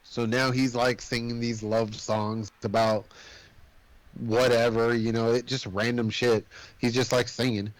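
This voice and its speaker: A man co-hosting a podcast, casually recapping a film plot in an animated, swearing storytelling manner. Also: mid-range voice, a little slow, dry recording, poor audio. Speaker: podcast co-host. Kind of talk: casual movie recap chat.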